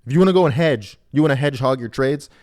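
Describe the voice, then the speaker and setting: A man who runs a trading video channel, talking to camera in a casual, joking, self-mocking way, with big swings between loud and quiet. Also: medium pitch, fast. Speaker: trading YouTuber. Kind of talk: casual vlog monologue.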